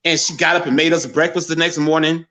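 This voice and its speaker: A middle-aged man from Gary, Indiana speaks as a guest, his voice sitting a little high. He tells a personal story with feeling and animation, restarting sentences and lifting his voice sharply to quote his relatives. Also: fairly even intonation, fast talker, pushed and bright.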